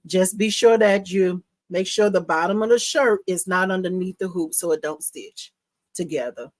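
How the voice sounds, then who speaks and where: A woman's voice: on the low side, moderate pace, no echo. A woman hosting a casual live stream, gushing over her work with squeals and laughs, reading viewer comments aloud and explaining steps. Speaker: livestream host showing embroidery.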